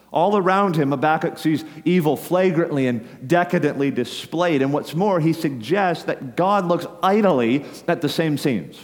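A man's voice: fairly high pitch, moderate pace, hardly any pauses, in a large hall. A man preaching an earnest sermon, addressing listeners directly with urgency. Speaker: pastor.

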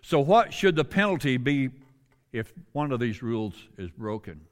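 A man voicing a firm schoolteacher who lays down rules in a measured way. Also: mid-range voice, big pitch swings, lightly acted. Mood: stern.

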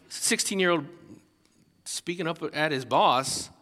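A man preaching a sermon as pastor, animated and conversational, with many restarts. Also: fairly high pitch, normal speed, big-room sound.

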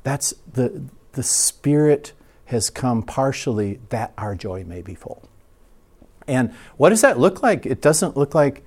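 A man telling lively personal stories about faith in a casual conversation, acting out the voices in them. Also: mid-range voice, a little slow. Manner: animated storyteller, acts out voices. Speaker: guest.

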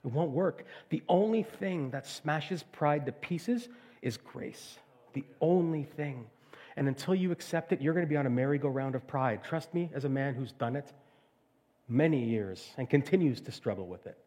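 A middle-aged man preaching a sermon, retelling a fairy tale in a lively storytelling manner before drawing out the lesson. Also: a little high, normal speed. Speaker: pastor.

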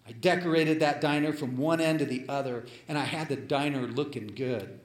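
A male preacher telling a story in a sermon, dramatic and swinging between loud and hushed. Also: on the high side, fairly even intonation, normal speed. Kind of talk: sermon storytelling, reading a letter aloud. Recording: echoey room.

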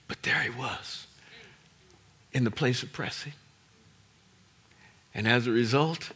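A man preaching a sermon as pastor, swinging from hushed, low lines to loud shouted peaks and repeating words for emphasis. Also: slow pace, long pauses, breathy edge.

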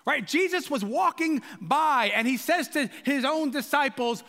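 A pastor delivers his sermon with a very high, bright voice that rises and falls freely. He is loud and passionate and pushes to a shout for emphasis. His voice rings through a hall with a long reverb. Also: animated, measured pace, hardly any pauses.

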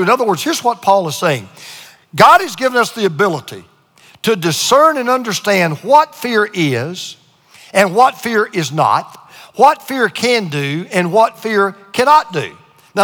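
A male pastor gives an emphatic sermon in a lively, high-pitched voice that climbs and drops widely. His words ring out through a large church hall with long reverb. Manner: emphatic preaching with pauses and call-and-response.

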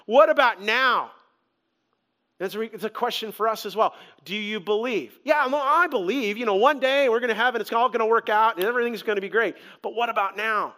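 A man preaching a sermon as pastor, animated and conversational, with humor. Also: sits high, brisk.

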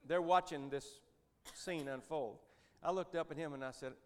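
A man's voice: a little high, moderate pace. Folksy middle-aged man telling a story. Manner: conversational, folksy, with joking asides. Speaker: Christian businessman speaker. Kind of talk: storytelling church talk.

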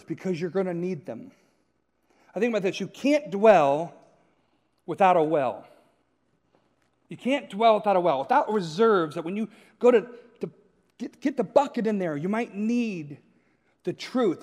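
In a relaxed, conversational sermon, a male pastor tells stories and keeps checking in with the congregation with a brief "right?". His voice is notably high, and a long church-hall reverb trails after every word.

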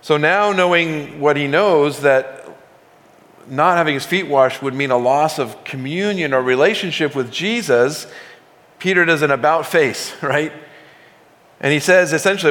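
A man's voice: fairly high pitch, a little slow, a bit bright. A man preaching a sermon as pastor, talking conversationally and building emphasis as he retells a scripture story in his own words. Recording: long hall reverb.

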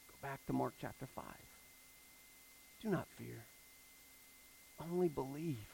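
A man preaching a conversational sermon, moving between hushed scripture reading and emphatic retelling. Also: on the high side, gravelly, poor audio. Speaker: pastor.

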